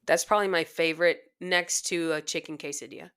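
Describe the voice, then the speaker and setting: A woman guest on a podcast, telling funny, self-deprecating stories in a chatty, casual way. Her voice sits a little low but sounds bright and forceful. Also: fairly even intonation, brisk, smooth. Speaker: guest band director. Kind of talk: casual storytelling.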